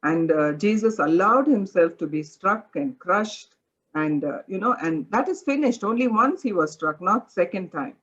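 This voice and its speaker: A woman leads a Bible study in an earnest, direct way, repeating her points and giving plain advice. Her pitch sits in a middle range. The recording sounds slightly dull and lo-fi. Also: expressive, moderate pace.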